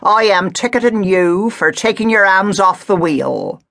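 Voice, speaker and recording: A woman narrator voicing a squat, burly male country policeman with a thick Gloucestershire accent and a flat, officious manner. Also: medium pitch, measured pace, creaky, voice pushed up. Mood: stolid.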